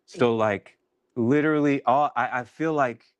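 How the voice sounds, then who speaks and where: A man with a deep voice leading a workshop session, telling a candid personal story in a reflective, halting way with many restarts. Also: smooth, no echo, dull audio.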